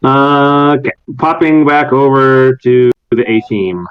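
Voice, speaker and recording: A man narrating as game master of a tabletop game, with quick, rambling asides. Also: mid-range voice, clean tone, dull audio.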